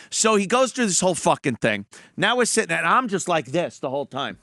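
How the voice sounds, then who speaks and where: A man's voice: high voice, sing-song, fairly quick, few pauses, bright, forceful tone, no room sound, studio quality. A man hosting a talk show, laughing a lot and swearing freely in casual chat. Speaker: podcast host.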